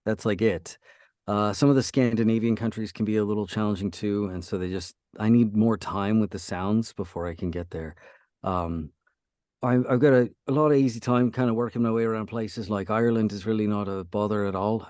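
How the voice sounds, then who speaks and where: A man's voice: on the low side, fairly even intonation, a little fast, darkish tone, no room sound, clean studio sound. A man, an audiobook narrator, chatting casually as a podcast guest, swearing freely and sliding between regional accents. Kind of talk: casual chat, showing off accents.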